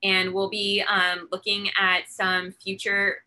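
Woman, bright voice, earnest, faith interview guest, storytelling. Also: medium pitch, monotone, takes it slowly. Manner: earnest, acts out her own lines in a raised voice. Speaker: founder of an outreach ministry, guest. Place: Texas.

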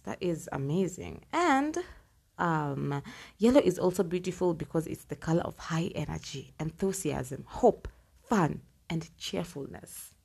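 Woman vlogging from home, gravelly low voice, chatty and giggly. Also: darkish tone. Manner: chatty, laughs between points, reads facts aloud. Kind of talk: casual solo chat.

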